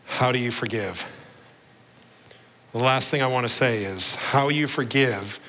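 A male pastor preaching a sermon, earnest, slowing down and dropping his voice low on the key words. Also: pushed and bright, rough recording.

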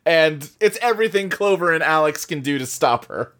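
A man with a fairly high, very lively voice co-hosts a casual podcast. He riffs on the show with playful, jokey asides, his pitch swinging up and down. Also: moderate pace. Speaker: podcast co-host. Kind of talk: casual chat.

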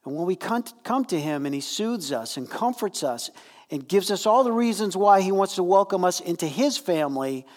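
A man delivers a sermon in a relaxed, conversational way, slipping into animated bursts as he leans into a point. His voice sits a little higher than most men's, and it rings out with a long reverb from the hall he speaks in. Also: moderate pace. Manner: animated, conversational preaching with fillers. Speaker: pastor.

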